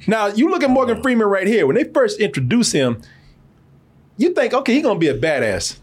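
A man hosting a casual movie review podcast, animated and profane, laughing often and slipping into funny voices. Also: sits high, fairly quick, slight background noise. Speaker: podcast host.

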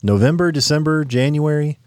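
A chatty man co-hosting a podcast, with a lively, animated voice that swings up and down. The sound is dry and close on a studio mic. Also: fairly high pitch, brisk, no room sound. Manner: chatty, playful. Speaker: podcast co-host. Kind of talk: casual chat.

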